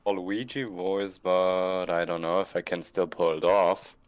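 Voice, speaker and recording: A woman's voice: a bass voice, fairly even intonation, a little slow, no echo. A woman guest on a stream call, making dry, offhand remarks in casual chat.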